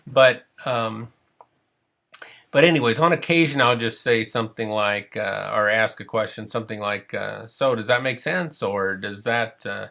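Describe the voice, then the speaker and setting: This middle-aged man, a counseling supervision trainer, speaks lowish and a little slow with a steady tone, vocal fry and a bright, forceful quality as his voice gives out. He leads the casual webinar in a chatty, rambling style packed with fillers.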